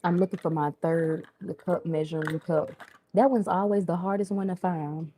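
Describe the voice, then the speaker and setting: A woman's voice: on the low side, fairly even intonation, moderate pace, warm tone, slight background noise. A woman with a Southern US accent, chatting casually with viewers as she cooks dinner live in her home kitchen, talking to them like friends. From Southern United States. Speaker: home cooking livestream host. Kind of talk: casual live cooking chat. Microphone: new microphone.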